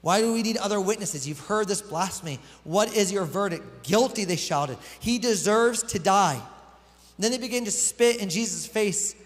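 A man's voice: high voice, normal speed. A man preaching a sermon as pastor. He reads scripture aloud, then explains it in a conversational way. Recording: long hall reverb.

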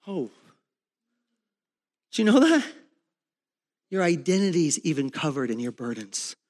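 A man with a high voice preaching in a church hall, his words trailing off in a long echo. He swings from shouted peaks down to low, soft talk. This is a pastor's sermon. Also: very animated, measured pace.

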